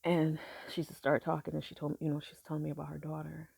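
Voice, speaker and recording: A middle-aged woman with a gravelly, mellow voice tells a personal story. She speaks softly and haltingly, pausing often between thoughts, and the sound is close and dry. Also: sits low, monotone, dry recording. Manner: halting, soft-spoken, with many pauses and fillers. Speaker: grieving mother sharing her story.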